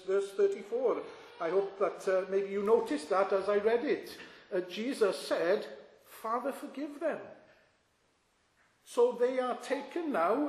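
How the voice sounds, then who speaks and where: A man preaching a sermon in an earnest, measured way, pausing with fillers. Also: high-pitched, a little mellow. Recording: echoey hall.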